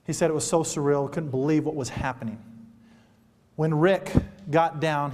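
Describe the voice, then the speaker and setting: A man gives a motivational keynote to an audience, telling a story in an earnest, emotional manner. His voice is on the high side with a darkish tone, recorded in a reverberant hall.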